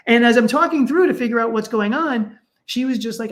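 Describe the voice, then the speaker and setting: A middle-aged man, a sports psychologist guest, speaking in a conversational, animated way and acting out the people in his stories. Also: moderate pace. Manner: animated, acts out quoted parents with raised pitch. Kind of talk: conversational storytelling.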